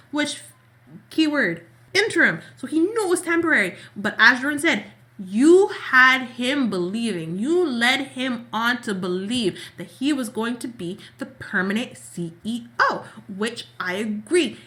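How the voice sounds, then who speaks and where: A woman's voice: fairly high pitch, lively intonation, unhurried, pushed and bright. A woman co-hosting a casual soap opera recap, talking in long, exasperated run-on rants. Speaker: podcast co-host.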